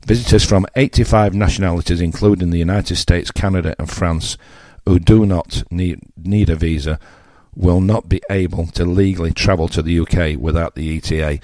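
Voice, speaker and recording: A low-voiced older Englishman with a Yorkshire accent hosts his radio slot, blunt and mocking as he talks straight to listeners. His tone is dark and mellow, and the recording is close and dry with no room sound. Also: fairly even intonation, normal speed, hardly any pauses, dry recording. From England. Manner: blunt, mocking, conversational with asides. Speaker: radio presenter. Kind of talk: opinionated radio monologue.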